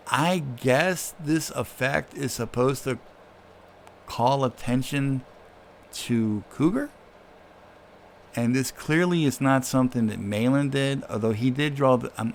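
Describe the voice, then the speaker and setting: A man with a mid-range voice talking through a comic page by page. His commentary is relaxed and critical, and he keeps pausing on uh and um as he judges panels and color choices. A faint hiss of noise sits under his voice. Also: mid-range voice. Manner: offhand, critical, many fillers. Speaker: comic book reviewer. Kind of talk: casual read-through commentary.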